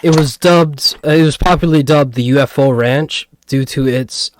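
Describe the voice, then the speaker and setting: A man's voice: medium pitch, moderate pace, dry recording, studio quality. Rambling young man, casual podcast chat. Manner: rambling, hesitant with many fillers and restarts. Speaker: podcast co-host.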